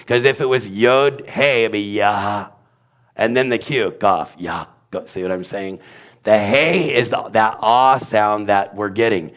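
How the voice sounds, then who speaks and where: A man's voice: on the low side, unhurried. A man giving an informal Bible teaching, sounding out letters aloud and wandering into asides. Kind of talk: informal teaching on Hebrew pronunciation.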